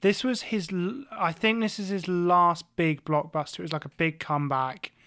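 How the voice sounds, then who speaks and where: Male podcast quiz host, slightly high voice, chatty and easygoing. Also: normal speed, pushed and bright. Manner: chatty, gives hints, laughs easily. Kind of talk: casual podcast banter.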